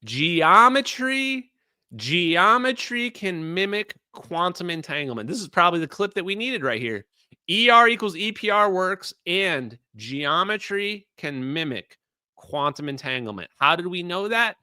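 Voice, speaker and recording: A man's voice: sits high, very animated, moderate pace, bright, forceful tone, smooth, no echo, studio quality. A middle-aged man commenting on clips during a live stream, emphatic and opinionated, talking straight to his chat.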